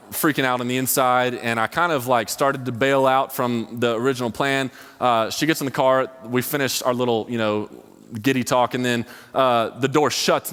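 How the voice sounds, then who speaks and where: A young man preaches at a middle pitch. He tells his story casually and loosely, with plenty of fillers. His voice carries a long reverb from a large hall. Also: fairly bright tone, clean tone. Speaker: college ministry speaker. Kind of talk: sermon.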